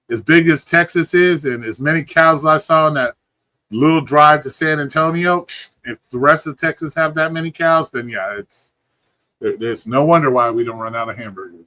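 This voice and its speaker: A man's voice: a little high, bright, forceful tone, no echo. A man hosting a livestream, chatting casually from home in a rambling, profane, laid-back way, sounding sleepy. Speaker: livestream host. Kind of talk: casual chat.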